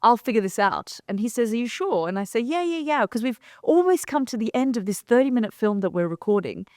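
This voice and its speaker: This London-born journalist and co-host tells a lively story about a reporting trip, quoting the people she met as though in conversation. She speaks fairly quickly in a higher, darkish voice with animated intonation, and the studio sound is clean, with no echo.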